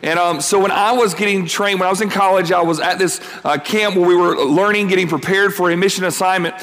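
A high-pitched man preaching a sermon at a camp, telling a story and voicing the people in it as he goes. His voice rings out with a long hall reverb behind it. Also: fairly even intonation, fairly quick, a bit bright. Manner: storytelling, acts out quoted exchanges.

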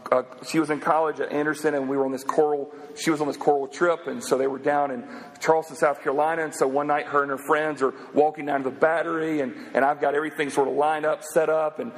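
Man preaching in a reverberant hall. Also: fairly high pitch. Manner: storytelling, animated and conversational. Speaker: pastor. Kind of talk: sermon.

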